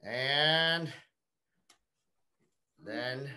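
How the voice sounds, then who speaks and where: A woman teaching young children, reading a picture book aloud in a slow, coaxing way and prompting them to repeat words. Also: a bass voice, bright, forceful tone, slight background noise. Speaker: kindergarten teacher.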